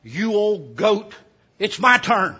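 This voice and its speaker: Preacher voicing a pompous portly moneyman, husky, blustering threats. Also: high-pitched, sing-song, slow pace, pushed and bright, full character voice. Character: portly rich stranger, blustering and quick to threaten. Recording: dull lo-fi sound.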